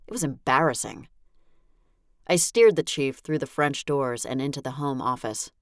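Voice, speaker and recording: A woman's voice: very deep voice, normal speed, dry recording, clean studio sound. A woman narrating a first-person audiobook in a wry, exasperated tone.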